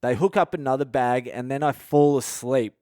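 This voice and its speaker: A man's voice: mid-range voice, moderate pace, a little mellow, no echo, clean studio sound. An Australian man, a comedian hosting his own podcast, telling a personal story frankly and swearing constantly, acting out the dialogue he quotes.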